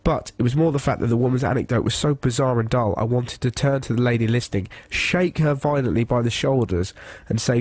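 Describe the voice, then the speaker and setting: A man's voice: medium pitch, a little fast, few pauses, a little mellow, breathy edge, no room sound. A man hosting a radio show, chatting casually, laughing often and teasing his co-host. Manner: giggly, teasing.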